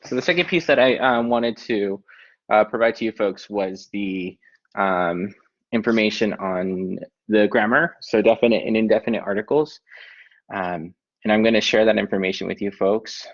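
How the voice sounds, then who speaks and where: A man teaching a Spanish class online, explaining tasks in a relaxed way with many filler ums. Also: on the low side, normal speed. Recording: dull lo-fi online lesson audio.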